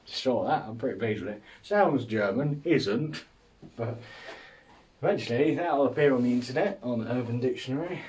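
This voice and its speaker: Man, casual solo comedy host, rambling and self-amused, mid pitch, recorded slightly off-mic. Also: expressive, moderate pace, a little mellow, recorded from a distance. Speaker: podcast host.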